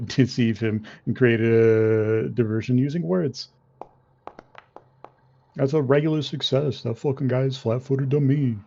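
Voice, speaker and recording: A man playing a tabletop game over a call, joking, swearing and laughing often. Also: medium pitch. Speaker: player. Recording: muffled online call audio.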